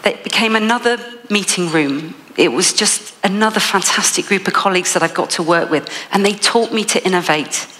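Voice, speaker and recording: Bright English woman giving a keynote. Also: medium pitch, brisk, hardly any pauses, in a large hall. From England. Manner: lively storytelling with frequent laughs. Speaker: motivational speaker. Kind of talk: keynote speech.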